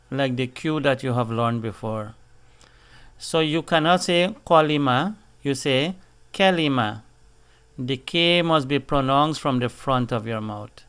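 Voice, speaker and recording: A male teacher leads a beginner language lesson. He goes through letters and syllables one at a time, taking his time, and his voice comes across smooth and resonant. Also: mid-range voice, fairly bright tone. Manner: patient, deliberate spelling and drilling of syllables. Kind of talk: slow instructional lesson, spelling out letters.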